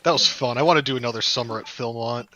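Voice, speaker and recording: A man casually telling anecdotes on a gaming stream, relaxed and amused by his own stories. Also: mid-range voice, fast, slight background noise. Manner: relaxed storyteller, laughs at his own pranks.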